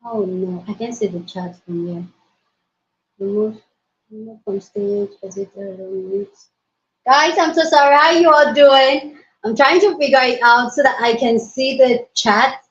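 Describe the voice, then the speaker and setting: A woman's voice: fairly high pitch, a little slow, slight background noise. Hyper woman on a roomy phone stream. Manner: hyper, excitable, loud. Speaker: livestream host. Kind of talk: casual live-stream chat. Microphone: mobile phone. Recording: roomy, dull lo-fi phone audio.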